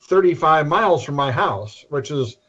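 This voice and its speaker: A man tells meandering local anecdotes with a slightly raised pitch. He halts, restarts and clears his throat as he goes. His voice comes through a dull, lo-fi video call. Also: lively intonation, a bit bright. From North Iowa, US. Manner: rambling, halting, clears throat often. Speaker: interview guest. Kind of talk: casual anecdotes.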